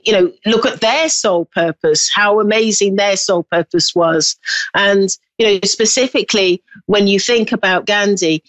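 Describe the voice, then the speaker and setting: A woman hosting a call-in show as a medium, mid-pitched and dry-sounding. She talks in a rambling, reflective way, restarting her sentences often. With callers she turns gentle and reassuring. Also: no echo. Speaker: psychic medium and host.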